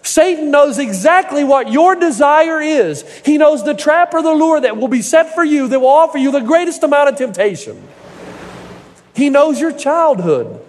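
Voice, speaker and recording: A man's voice: extremely high pitch, darkish tone. A middle-aged male pastor preaching a sermon, telling folksy stories with humor and building to emphatic points. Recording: echoey hall reverb.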